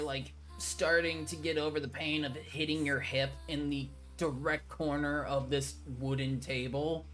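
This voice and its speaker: A man narrating a tabletop game as game master, unhurried and descriptive. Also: a little high, level tone, a bit bright, soft background music.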